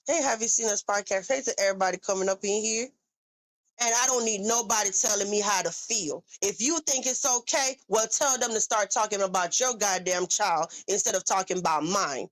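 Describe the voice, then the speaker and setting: A woman's voice: mid-range voice, fairly bright tone. A woman hosting a livestream, ranting angrily and profanely at critics in a confrontational way, with a Southern US accent. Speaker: livestream host. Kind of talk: heated livestream rant.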